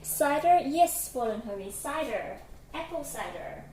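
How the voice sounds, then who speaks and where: Speaking at normal speed in a slightly high voice, a woman streams herself cooking in her home kitchen, chatty and giggly with plenty of fillers, reading chat as she preps. Slight background noise joins the loud, echoey clatter of chopping and dishes.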